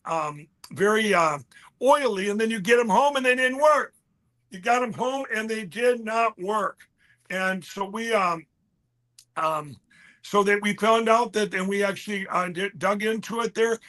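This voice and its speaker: A man pitching his products in a casual chat, rambling with halting restarts and fillers. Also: pushed and bright. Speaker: guest, company founder.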